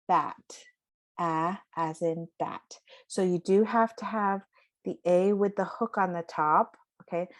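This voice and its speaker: A woman teaching a casual lesson, explaining slowly with many fillers and drawn-out example words. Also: fairly low pitch, a little mellow.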